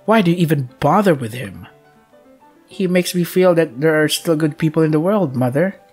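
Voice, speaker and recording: A man's voice: a little high, expressive, normal speed, a little mellow, breathy edge, soft background music. A man voicing a timid, hungry orphan girl in a game, speaking meekly and pleadingly. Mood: earnest. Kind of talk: voicing a visual novel character.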